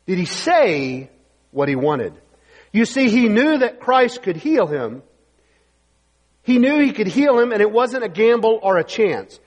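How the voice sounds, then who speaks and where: A man preaching a sermon emphatically in a church and reading scripture aloud. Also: high-pitched. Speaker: pastor. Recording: long hall reverb.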